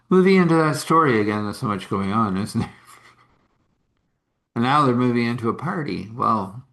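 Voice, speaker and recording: Chatty man with a low voice. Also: creaky, a bit bright. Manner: rambling and chatty, with laughs and apologies for yawning. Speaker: spiritual healer and host. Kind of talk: live meditation talk and storytelling.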